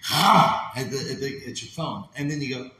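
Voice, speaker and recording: A man's voice: mid-range voice, steady tone, quick pace. A man ranting in a heated, profane way, acting out voices as he tells it. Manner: heated, swearing, acts out voices. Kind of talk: profane casual rant. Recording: very echoey room with faint noise.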